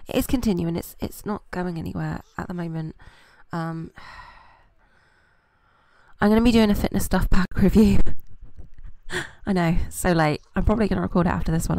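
British gaming channel girl rambling through a let's play, lowish gravelly voice, dry sound. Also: a little mellow, no echo. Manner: chatty and rambling, with many fillers. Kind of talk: casual let's-play commentary.

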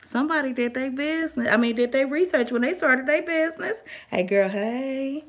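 A woman, chatting casually and excitedly through a product unboxing, with playful slang and sudden whispered asides. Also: high-pitched, fast talker. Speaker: vlogger reviewing products.

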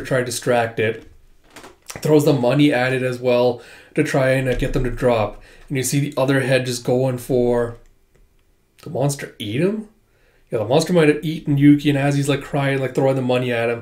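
A man's voice: medium pitch, a little mellow. A man casually narrating and reacting to a comic chapter, chatty and often laughing. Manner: chatty, laughing, many fillers. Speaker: comic read-through host. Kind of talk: casual commentary.

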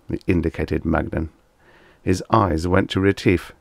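A man narrating a vintage science fiction story as an audiobook reader, in measured storytelling. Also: low voice, steady tone, gravelly, dry recording.

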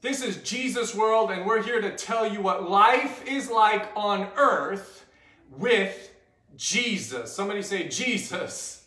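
High-voiced guy hosting a kids bible show, peppy, echoey room. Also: lively intonation, takes it slowly, sharp tone. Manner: upbeat, leads call-and-response. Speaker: children's church host. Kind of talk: kids' Bible lesson.

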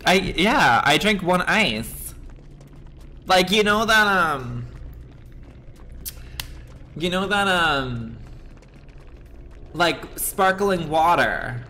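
Animated, bright-voiced male game streamer. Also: high voice, extremely slow, pauses often, faint music behind. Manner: excitable, swears a lot, reacts loudly and reads chat. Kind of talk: live gaming stream chat.

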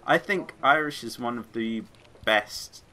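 Bright-voiced rambling gaming commentator man. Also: medium pitch, unhurried, slight background noise. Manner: rambling, chatty, easily sidetracked; sings along to music. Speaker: gaming video creator. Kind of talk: let's play commentary.

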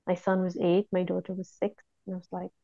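A woman recounting a personal experience in a reflective, hushed way, often pausing and restarting her sentences. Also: on the low side, completely flat delivery, vocal fry, no echo, highs cut off. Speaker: guest recounting a near-death experience. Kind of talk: personal testimony, casual storytelling.

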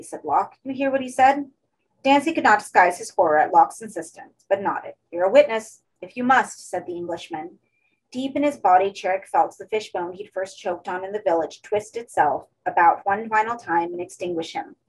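Female audiobook reader, husky, mid pitch, steady horror narration. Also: brisk, low-quality recording.

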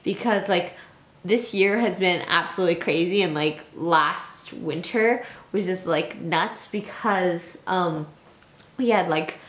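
A woman's voice: lowish voice, slow pace. A young woman talking casually to her viewers in a rambling vlog, full of "like" and "um". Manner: rambling, filler-heavy talk. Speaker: vlogger. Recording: echoey room with faint noise.

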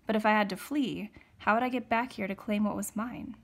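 At a fairly quick clip, a woman who teaches reads a novel aloud in a medium-pitched voice. The reading is steady, aside from occasional moments where she corrects herself.

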